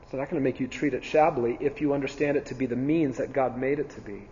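A man's voice: medium pitch, fairly even intonation, fast, a little mellow, a little hiss or hum. A man teaching a Bible class in a church setting, earnest, repeating key phrases with frequent ums and restarts. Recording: dull sound with long reverb in a hall.

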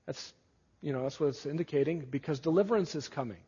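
A man's voice: fairly high pitch, fast, mellow, breathy edge. A pastor preaching a sermon in an earnest, emphatic way and often putting questions to his listeners. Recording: dull lo-fi audio with long hall reverb.

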